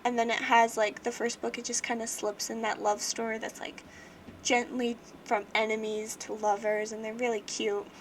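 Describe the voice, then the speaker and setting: A woman's voice: on the high side, little pitch movement, moderate pace, slight background noise. Chatty young woman reviewing a book. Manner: chatty, rambling, many fillers and restarts. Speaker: livestream host. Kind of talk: casual book review chat.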